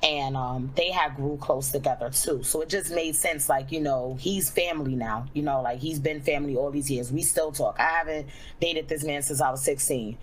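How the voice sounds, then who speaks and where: A young adult woman, a streamer, telling a personal story candidly in a casual way, full of fillers and slowing down when she reflects. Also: deep voice, slight background noise, poor audio.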